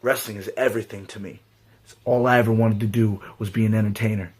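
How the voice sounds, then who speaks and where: A man's voice: fairly low pitch, fairly even intonation, fast, a little mellow, breathy edge. A man in his twenties, a pro wrestler, giving an earnest, emphatic testimonial. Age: 20s. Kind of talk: heartfelt testimonial.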